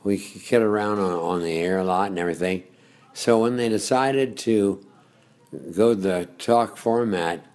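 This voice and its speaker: Older man, very deep voice, radio host, rambling storyteller. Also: darkish tone. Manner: rambling storyteller with frequent uh's and chuckles. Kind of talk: reminiscing interview.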